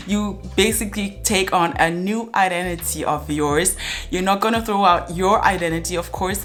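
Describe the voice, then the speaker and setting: A woman's voice: on the low side, a bit bright. A young woman talking casually to camera as a language-learning vlogger, chatty and thinking aloud with fillers and restarts. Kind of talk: casual explanatory talk to camera.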